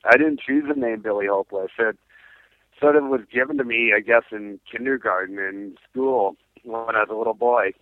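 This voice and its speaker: A man's voice: mid-range voice, moderate pace, no echo. A man, a punk band singer, telling stories in a casual phone interview, laughing often and acting out what people said. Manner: animated storyteller, laughs often, acts out quotes. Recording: tinny phone line.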